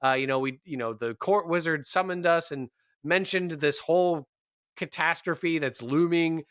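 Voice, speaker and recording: Male player narrating his character, animated and rambling. Dry recording. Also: a little high, normal speed, smooth, no room sound. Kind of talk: tabletop game role-play.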